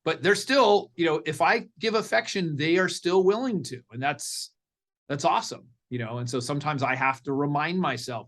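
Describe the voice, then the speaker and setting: A middle-aged man, a parenting coach guest in a podcast interview, telling stories in an animated way and acting out what people said. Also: fairly high pitch, moderate pace. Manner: animated storyteller, acts out quotes.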